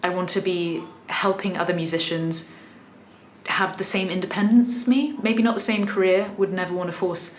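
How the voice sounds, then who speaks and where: A musician vlogger in her thirties from the south of England chats through a casual vlog in a fairly low voice, with fairly even intonation and a moderate pace. She sounds thoughtful and makes many small restarts mid-sentence. Her voice echoes in the room, and a faint hiss sits in the background.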